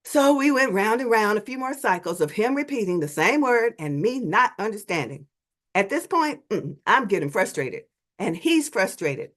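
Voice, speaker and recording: A woman giving a storytelling talk as an invited speaker, animated and dramatic in her delivery. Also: mid-range voice, moderate pace.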